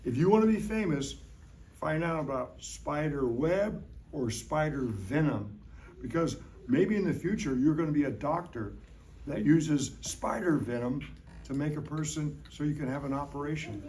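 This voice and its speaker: A man's voice: a little high, animated, normal speed, a little mellow. A middle-aged man giving a hands-on science demonstration to a classroom of young children, playful and jokey, coaxing them with questions. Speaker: science educator. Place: elementary school classroom.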